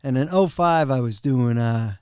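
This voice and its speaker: A middle-aged man, a drum tech, casually telling backstage stories on a podcast, animated and often laughing. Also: mid-range voice, normal speed, clear, resonant tone, no echo, clean studio sound. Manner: animated, laughs often, acts out quoted people. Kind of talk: casual storytelling of road anecdotes.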